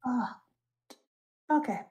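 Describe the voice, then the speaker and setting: A young adult woman hosting a casual talk show, retelling a story with animated, emotional energy. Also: takes it slowly. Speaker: show host. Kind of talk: casual chat retelling a manga.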